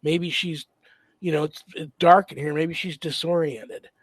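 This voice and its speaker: Hesitant host with a higher male voice. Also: fairly even intonation, a little slow, slightly rough, no echo, clean studio sound. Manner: hesitant, many ums and uhs while telling a story. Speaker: host and priest. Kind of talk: casual interview chat.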